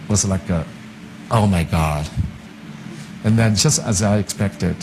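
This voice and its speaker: A man's voice: low-pitched, unhurried, noisy background. A man with a Chinese accent, a stage actor telling stories in an interview, acting out what people said and chuckling. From China. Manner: lively anecdotes, acting out quoted voices, chuckling. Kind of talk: interview storytelling.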